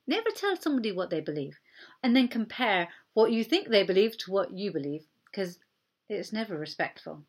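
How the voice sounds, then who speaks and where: A woman pastor delivers a sermon in an earnest, conversational manner. Her voice carries a slight huskiness and sits at a middle pitch. She slips into brief acted-out quotes as she makes her points. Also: slightly rough. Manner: conversational, earnest, acts out short quoted exchanges.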